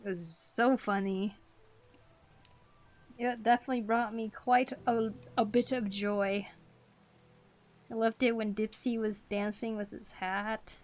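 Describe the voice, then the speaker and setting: A woman's voice: mid-range voice, steady tone, slow pace, long pauses, darkish tone. A young woman chatting casually while she draws on a live stream, giggling often and reacting to her chat. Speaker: art streamer.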